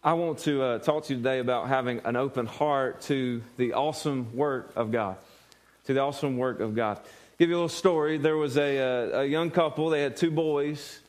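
A man's voice: mid-range voice, normal speed. A male pastor preaching a sermon earnestly, often repeating words and putting questions to the congregation.

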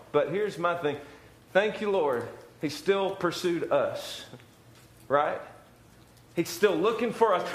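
High-voiced preacher in an echoey room. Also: male voice, a bit bright. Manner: earnest, repetitive preaching with rhetorical questions. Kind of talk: sermon.

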